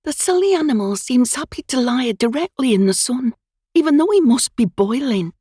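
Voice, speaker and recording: A woman's voice: high voice, lively intonation, warm tone, breathy edge, no echo, clean studio sound, voice pushed up. A woman voicing a deferential young housemaid who speaks politely to her employer. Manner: deferential, hurried.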